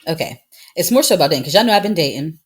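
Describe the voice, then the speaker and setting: Sassy husky woman in her thirties. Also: low voice, animated, very fast. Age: 30s. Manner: sassy, emphatic, laughing storyteller. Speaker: podcast co-host. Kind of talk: casual chat.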